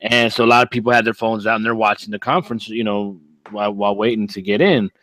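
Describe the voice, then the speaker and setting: A man co-hosting a casual gaming podcast, telling stories in a lively way and swearing heavily. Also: lowish voice, quick pace, no room sound, poor audio. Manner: lively storyteller, heavy swearing. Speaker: podcast co-host.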